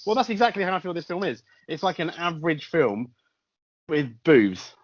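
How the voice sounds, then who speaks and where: A man's voice: on the high side, normal speed, lo-fi sound. A man co-hosting a casual film review podcast, joking crudely with a lot of energy. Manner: animated, jokey, crude. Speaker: podcast co-host.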